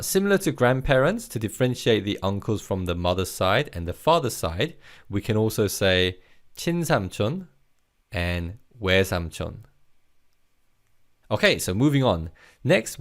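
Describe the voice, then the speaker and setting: Lively-voiced male Korean teacher. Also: on the low side. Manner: slow, clear, encouraging listen-and-repeat delivery. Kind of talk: guided vocabulary lesson.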